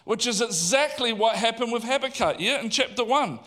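A male pastor delivering a sermon with a high voice. He talks animatedly and conversationally, putting questions to the congregation. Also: animated, normal speed, pushed and bright.

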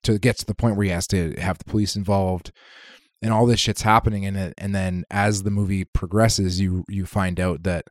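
Deep-voiced man, dry close sound. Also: fairly even intonation, normal speed, dry recording. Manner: profane, rambling storyteller. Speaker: podcast co-host. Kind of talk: casual chat.

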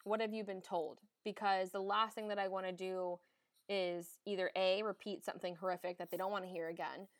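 A woman's voice: mid-range voice, flat delivery, a little fast, no room sound, clean studio sound. A young woman who works as an emergency nurse, hosting a podcast and speaking frankly and emphatically, often swearing, in casual chat.

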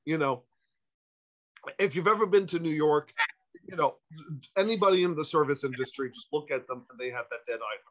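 A man telling a long anecdote as a podcast guest, animated and stumbling over his restarts, on a muffled lo-fi recording. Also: on the high side, fast. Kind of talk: storytelling anecdote. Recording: muffled lo-fi audio.

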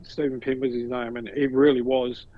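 A former football coach, animatedly telling stories in a casual chat and acting out the voices in them. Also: male voice, mid-range voice, normal speed, lo-fi sound. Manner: animated storyteller, acts out quoted voices.

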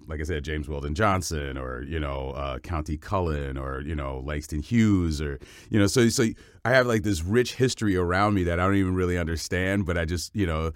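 A man's voice: a bass voice, dry recording, clean studio sound. A man in his fifties, a voice actor from Cleveland, answering interview questions in a rambling, digressive way. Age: 50s. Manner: digressive, full of restarts and asides. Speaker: voice actor and guest.

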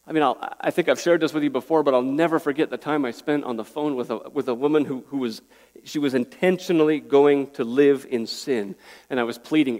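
A man's voice: mid-range voice, fairly even intonation, brisk, a little mellow. A pastor preaching an earnest, pleading sermon, a man who often restarts his words. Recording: echoey hall with long reverb.

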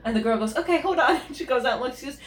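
A woman's voice: on the high side, steady tone, racing. Chatty woman in an echoey room. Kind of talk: casual chat.

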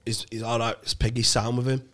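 A young man, chatting casually as a comedy podcast co-host. He tells long, sweary stories full of restarts and asides, in a voice of ordinary pitch for a man. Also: flat delivery, fast, a bit bright. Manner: rambling, sweary storytelling with restarts. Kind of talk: casual storytelling chat.

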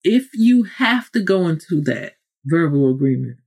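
A woman's voice: on the low side, sing-song, measured pace, a little mellow. Preachy woman podcast host, direct. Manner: preachy, direct, talks straight to the listener; frequent self-corrections and asides. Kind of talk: motivational podcast monologue.

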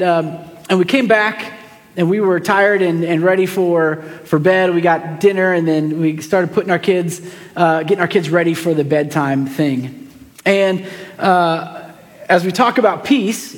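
Preaching with a long reverb tail behind him, a pastor with a slightly high male voice keeps his sermon easygoing and chatty. He recounts a family story, restarting often and filling pauses with fillers.

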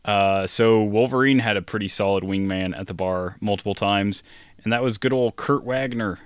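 A man co-hosting a casual podcast, answering questions with dry, deadpan humor. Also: lowish voice, moderate pace, clean tone, no echo. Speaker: podcast co-host. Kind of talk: casual chat.

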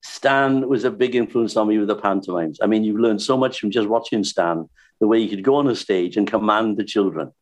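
A man's voice: fairly low pitch, fairly quick. Older man telling stage stories. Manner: anecdotal, animated, laughs while telling stories. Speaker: singer and entertainer. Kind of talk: casual reminiscing chat.

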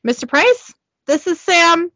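A woman's voice: extremely high pitch, very animated, measured pace, pushed and bright, no echo, lo-fi sound, voice pushed up, heavily acted. A woman reading the lines of an earnest young male hunter.

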